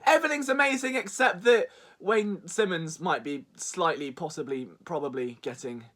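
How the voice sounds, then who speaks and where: A man's voice: sits high, normal speed, a bit bright. A young man hosting a sports vlog, delivering a sarcastic, exasperated, mock-dramatic rant. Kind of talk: comedic sports rant to camera.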